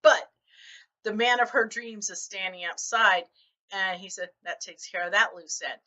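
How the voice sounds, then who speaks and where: A woman's voice: mid-range voice, a little slow. A middle-aged woman vlogging about her writing, telling stories animatedly and acting out other people's reactions. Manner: animated storytelling, acts out quoted reactions. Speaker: novelist vlogger. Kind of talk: casual talk to camera. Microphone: camera mic. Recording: dull lo-fi camera audio.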